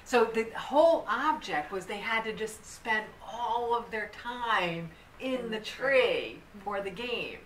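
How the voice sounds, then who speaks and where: A woman telling a story to a group in a lively, animated way, often restarting her sentences. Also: a little high, slow, hardly any pauses. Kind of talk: storytelling talk. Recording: echoey room from far off, faint noise.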